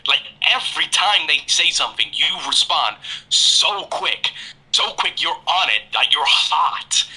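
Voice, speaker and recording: A man's voice: a little high, expressive, measured pace, pushed and bright, husky. A male caller who gushes with praise, then hurls abusive insults. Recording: tinny phone line.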